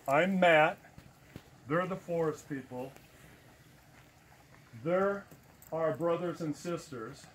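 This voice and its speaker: A man's voice: fairly high pitch, slight background noise. A man giving a talk to an audience, earnest and emphatic, repeating words for stress. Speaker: presenter.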